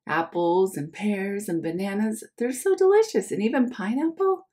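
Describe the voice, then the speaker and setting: A woman's voice: medium pitch, lively intonation, normal speed, warm tone. A young woman teacher reading a picture book aloud to children, speaking to them in a friendly way as her friends. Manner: friendly, addresses listeners as friends.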